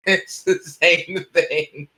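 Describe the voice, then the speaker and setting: A man's voice: a little high, fairly even intonation, extremely slow, pushed and bright, low-quality recording. A man running a tabletop game as game master, casual and teasing.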